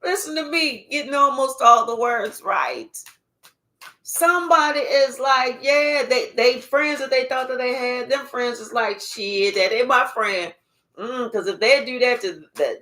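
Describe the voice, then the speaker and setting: A woman's voice: a little high, animated, normal speed, pushed and bright. A woman spiritual card reader giving a livestream reading to viewers, talking emphatically with lots of swearing and teasing.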